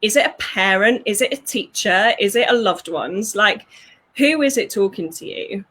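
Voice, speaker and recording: A woman speaks as a fulfillment coach in a relaxed interview. She talks in a lively way, laughs easily and slips into quick voices when she quotes someone. Her pitch sits in a middle range. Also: husky. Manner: animated, laughs often, acts out quoted voices. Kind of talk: conversational interview.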